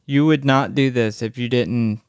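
A man's voice: medium pitch, steady tone, a little slow, smooth, no room sound, clean studio sound. A man co-hosting a casual horror movie podcast, blunt and joking with slangy asides. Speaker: podcast co-host.

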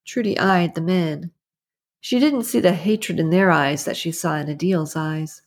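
A woman narrating an audiobook in a steady, even storytelling manner. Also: fairly low pitch, a little slow. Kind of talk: scripted narration.

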